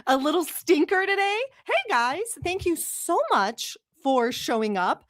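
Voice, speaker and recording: Giddy, high-voiced woman hosting a livestream. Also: sing-song, a little slow, no echo. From Middle East. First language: not English. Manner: giddy, silly, swears freely, reads chat aloud. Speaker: livestream host. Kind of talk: casual livestream chat.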